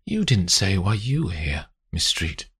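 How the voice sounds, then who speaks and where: A woman's voice: very deep voice, big pitch swings, a little slow, a bit bright, breathy edge, voice pushed up, exaggerated voice. A man voicing a hurt, wary woman. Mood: guarded. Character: injured, wary young businesswoman.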